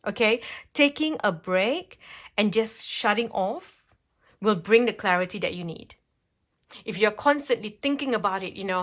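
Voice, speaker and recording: A woman's voice: medium pitch, animated, normal speed, a bit bright. A woman giving a pick-a-card tarot reading at home, chatty and reassuring, often checking in with "okay?". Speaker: tarot reader. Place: home, at a table with cards.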